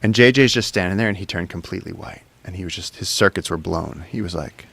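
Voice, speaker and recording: A man guesting on a podcast, telling an adventure story in an excitable, rambling way, dropping to a whisper when he quotes people. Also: low-pitched, fast talker, vocal fry, husky, no echo. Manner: excitable, drops to whispers for quoted speech, lots of fillers. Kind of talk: animated storytelling in conversation. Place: podcast studio.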